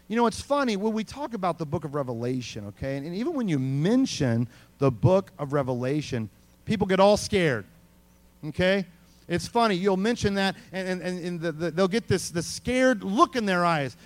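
Animated, high-voiced male pastor preaching. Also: normal speed. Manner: animated, repeats words, calls on the congregation. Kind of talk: sermon.

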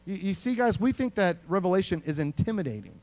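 A male pastor giving a lively sermon, calling on the congregation and repeating words. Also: high voice, fast.

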